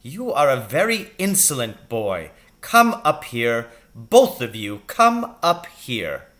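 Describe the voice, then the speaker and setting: A man reading aloud, voicing a bullying strict male schoolteacher who barks and shouts. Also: medium pitch, wildly swooping pitch, slow, heavily acted. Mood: cold menacing. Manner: barking, menacing.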